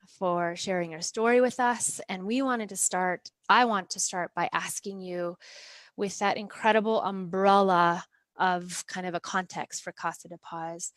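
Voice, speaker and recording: A woman's voice: on the low side, no echo. A woman hosting a conversational interview, earnest and searching for her words as she goes. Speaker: interview host.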